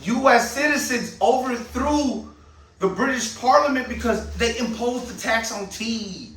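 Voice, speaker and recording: A man rants heatedly and profanely, firing off one rhetorical question after another. His voice is high and bright. He sits back from the mic in an echoey room with faint ambient noise. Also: unhurried, far from the mic. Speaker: channel host. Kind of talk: ranting monologue.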